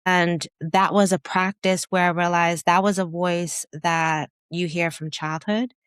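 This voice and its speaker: A woman in her fifties, a guest in a candid interview, telling her story in an animated way and acting out her own past thoughts with laughter. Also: lowish voice, clean tone, no room sound, clean studio sound. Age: 50s. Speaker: podcast guest, business founder.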